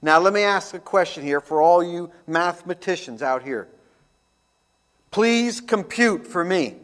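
A man's voice: high-pitched, expressive, unhurried. Emphatic male radio preacher. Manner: emphatic, swings between loud and hushed. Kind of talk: radio sermon.

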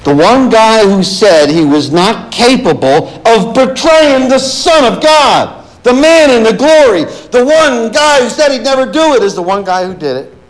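A man's voice: very high voice, lively intonation, measured pace, poor audio. A male pastor preaching a sermon in church, firing rhetorical questions at his congregation and reading scripture aloud.

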